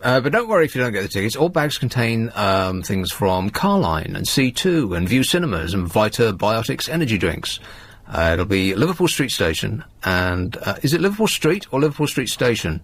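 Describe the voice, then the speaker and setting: A man's voice: on the low side, very animated, normal speed, breathy edge. A man hosting a radio talk show, with a dry, sardonic way of reading out tabloid stories. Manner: dry, sardonic, reads tabloid quotes aloud. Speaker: radio host. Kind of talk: late-night radio talk with callers. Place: radio studio.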